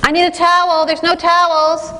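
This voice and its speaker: A man's voice: extremely high pitch, monotone, moderate pace, sharp tone, big-room sound, a little hiss or hum, voice pushed up, heavily acted, poor audio. A woman voicing a whiny teenage son who pleads with his mother. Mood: whining. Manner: whining, pleading.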